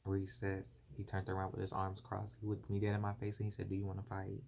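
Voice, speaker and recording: Young man, low-pitched voice, earnest and emotional, confessional vlog on a phone. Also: fairly quick, gravelly, slight background noise. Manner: earnest, animated, emotional retelling. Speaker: vlogger. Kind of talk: confessional storytelling.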